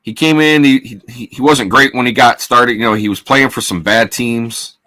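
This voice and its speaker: A man's voice: medium pitch, moderate pace, sharp tone. A man co-hosting a sports podcast, giving casual, tired, laid-back commentary while watching a live game.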